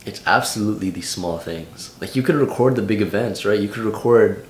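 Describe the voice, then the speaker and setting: A man's voice: on the low side, brisk, hardly any pauses, echoey room. A young man in his late teens giving casual vlog advice in a loose, slangy way full of "like". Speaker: vlogger.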